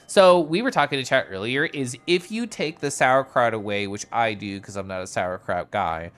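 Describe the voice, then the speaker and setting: A man's voice: medium pitch, moderate pace, a bit bright. A young man chatting casually while streaming a game, rambling and full of asides. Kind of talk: casual gameplay commentary.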